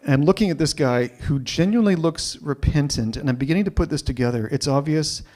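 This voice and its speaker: A man telling a personal story live, animated and often repeating himself as he builds up. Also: a little high, a little fast. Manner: animated, repeats words when excited.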